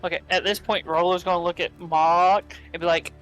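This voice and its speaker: A player describing a character's actions in a tabletop role-playing game, casual and pausing to search for words. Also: mid-range voice, little pitch movement, fairly bright tone, faint music behind, poor audio.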